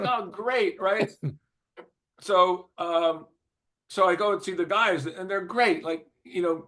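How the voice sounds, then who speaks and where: A man's voice: sits high, slow pace. Older man telling a backstage story. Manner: lively, laughs often, many "you know" fillers and restarts; clears throat often. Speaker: interview guest, former record executive. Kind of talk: anecdotal storytelling in conversation.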